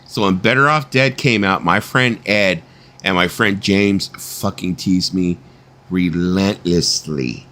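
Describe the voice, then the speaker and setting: A man's voice: low voice, slow, bright, forceful tone. A middle-aged man hosting a casual live-stream chat, swearing freely, laughing often and slipping into voices when he tells stories. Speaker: host.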